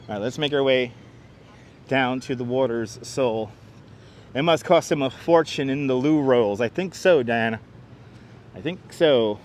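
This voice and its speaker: A livestream host leads a live walking tour through an outdoor waterfront park, wearing a wireless lapel mic and reading chat aloud. Chatty and quick to laugh, he greets viewers by name in a mid-range voice, speaking a little slowly with long pauses.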